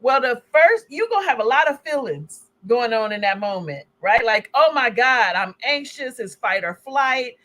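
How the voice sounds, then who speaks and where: A woman presenting slides as a health educator, speaking in a conversational, animated way and acting out little scenes. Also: a little high, normal speed, hardly any pauses. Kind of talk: presentation talk.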